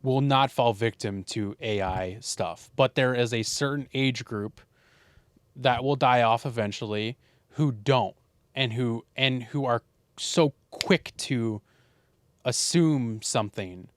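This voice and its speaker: A young man co-hosting a podcast, talking in a casual, animated and opinionated way, with fillers and swearing. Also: medium pitch, slow, no echo, studio quality. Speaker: podcast co-host. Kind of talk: casual chat.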